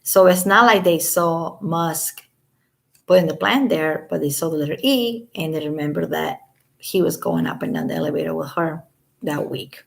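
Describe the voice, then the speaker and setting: A woman's voice: low-pitched, moderate pace, creaky. A woman giving casual commentary as a vlogger, reading statements aloud and breaking off with sarcastic, scoffing asides.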